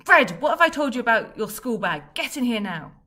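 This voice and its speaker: A woman voicing a weary, grieving father on crutches in a storybook, speaking in a gruff, clipped way. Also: deep voice, little pitch movement, moderate pace, slight background noise. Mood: angry.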